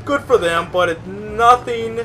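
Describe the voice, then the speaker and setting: A man's voice: high voice, measured pace, fairly bright tone, faint music behind. A young man co-hosting a gaming video, rambling through a profane, laughing story while he plays. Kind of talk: casual gameplay commentary.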